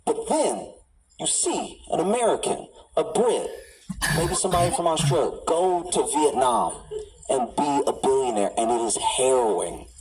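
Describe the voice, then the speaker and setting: A man's voice: medium pitch, a little mellow, far from the mic, a little hiss or hum, low-quality recording. Man doing a stand-up set from afar. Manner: riffing storyteller, builds into exasperated rants. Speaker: stand-up comedian.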